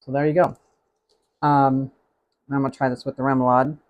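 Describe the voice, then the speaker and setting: A man's voice: mid-range voice, level tone, normal speed, narrow, tinny audio. A man hosting a live cooking stream, chatting casually and rambling as he tastes the food. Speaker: cooking show host.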